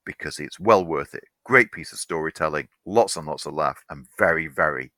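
A man's voice: rumbling low, moderate pace, pushed and bright, no echo. A man co-hosting a film podcast in casual chat, unwell and tired, rambling and laughing at his own slips. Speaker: podcast co-host.

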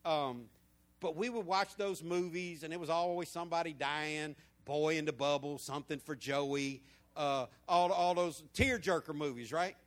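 A man, preaching a sermon in a lively storytelling way that swings between loud and hushed. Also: a little high, moderate pace. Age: 50s.

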